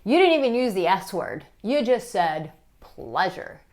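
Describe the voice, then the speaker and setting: A woman dating coach speaks straight to her viewers in an animated, blunt way, with casual swearing. Her voice sits at an everyday middle pitch. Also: unhurried. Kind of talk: direct-to-camera advice vlog.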